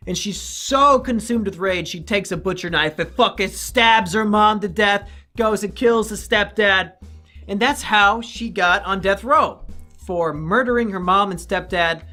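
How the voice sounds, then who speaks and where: A man rambles through a comedic review with a profane, sarcastic edge. His voice is bright and forceful, with faint music underneath. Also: high-pitched, measured pace.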